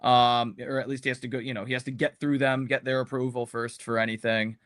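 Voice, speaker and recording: A man in a casual sports podcast, rambling through his views and leaning on "um" and "you know" between thoughts. His voice sits in a plain middle range, neither high nor low. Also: little pitch movement, fairly quick, fairly bright tone. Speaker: podcast panelist.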